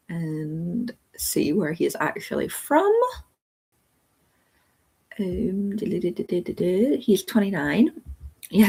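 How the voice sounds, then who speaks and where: Woman host, casual live-stream reviewer; low, slightly breathy voice, meandering and talkative. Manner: rambling and chatty, thinking aloud with many ums.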